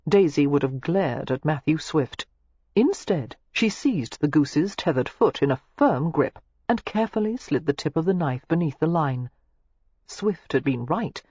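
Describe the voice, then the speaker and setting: An audiobook narrator reading a novel aloud in an expressive, scripted style. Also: a little slow, husky, no room sound. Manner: expressive, shifting pitch through the narration. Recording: dull lo-fi dry recording.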